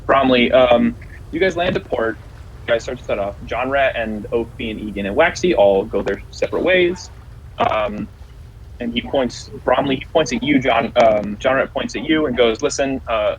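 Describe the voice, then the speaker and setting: A man narrating a tabletop game as game master, halting, with many fillers. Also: medium pitch, slight background noise, low-quality recording.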